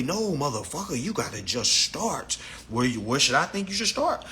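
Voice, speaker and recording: Blunt, profane man lecturing a live stream. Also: a little fast. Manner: profane, blunt, lecturing, animated swings in pitch. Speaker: live stream host teaching a class.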